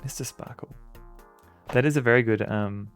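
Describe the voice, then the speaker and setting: A man's voice: medium pitch, moderate pace, smooth, faint music behind. Laid-back man streaming a retro game. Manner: rambling, chuckling, greets chat. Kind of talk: casual game commentary.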